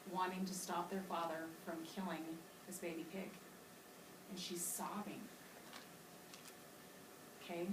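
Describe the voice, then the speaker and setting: A woman teacher explains a reading lesson to young students in a patient, explanatory way, now and then acting out a line to show how it should sound. She is heard from a distance in an echoey classroom. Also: mid-range voice. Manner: patient, explanatory, models voices for children. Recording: echoey classroom from far off with loud noise.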